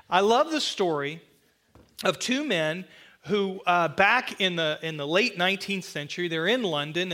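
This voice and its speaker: A man preaching a sermon as pastor, earnest, with slowed emphatic phrases and a touch of self-deprecating humor. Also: sits high, bright, forceful tone. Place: church sanctuary.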